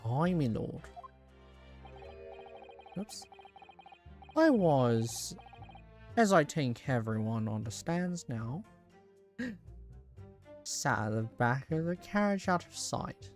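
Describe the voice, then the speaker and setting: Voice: medium pitch, sing-song, slow pace, long pauses, faint music behind. A streamer reading the lines of a chatty, evasive male witness in a put-on Irish brogue that slips. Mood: matter-of-fact. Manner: attempted Irish brogue, soon dropped. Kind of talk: game dialogue read aloud.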